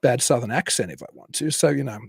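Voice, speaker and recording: A man's voice: medium pitch, fast talker, gravelly, breathy edge, no room sound, clean studio sound. A man co-hosting a podcast, skeptical and joking in a wry way. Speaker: podcast co-host. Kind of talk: casual discussion.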